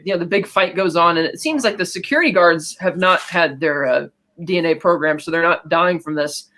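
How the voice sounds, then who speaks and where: A podcast co-host giving a casual, rambling movie recap, acting out quick lines of dialogue along the way. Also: mid-range voice, fairly bright tone. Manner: rapid, rambling retelling with quick acted-out quotes and fillers.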